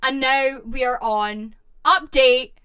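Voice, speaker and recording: A young woman streamer chatting casually with viewers and reading stories aloud, excitable and reacting loudly. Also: high voice, slow pace, clear, resonant tone.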